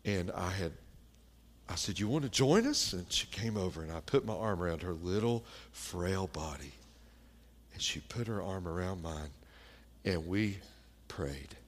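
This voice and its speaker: A man with a deep voice preaches a sermon, telling a personal story. He speaks slowly and plainly, with pauses and fillers.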